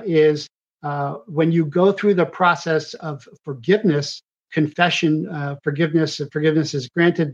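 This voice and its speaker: A man hosting a live political commentary show, rambling in a halting way with constant uh and um fillers and self-corrections. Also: on the high side, dull audio. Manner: halting delivery full of uh and um fillers.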